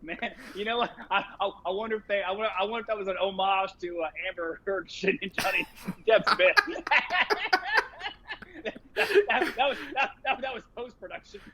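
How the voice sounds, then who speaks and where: A man's voice: high-pitched, expressive, brisk, pushed and bright. A man co-hosting a movie podcast, talking in a profane, rambling way with lots of laughter. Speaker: podcast co-host. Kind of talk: casual movie chat. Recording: dull lo-fi recording.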